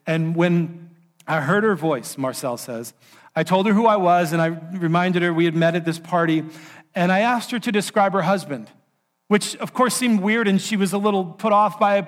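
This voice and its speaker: High-voiced man telling a sermon story. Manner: animated storyteller, voices characters' lines. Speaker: preacher.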